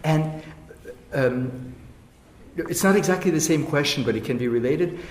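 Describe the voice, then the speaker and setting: A man's voice: on the high side, a little slow. Man, moderator, probing questions, hesitant, roomy echo, faint background noise. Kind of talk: panel questioning.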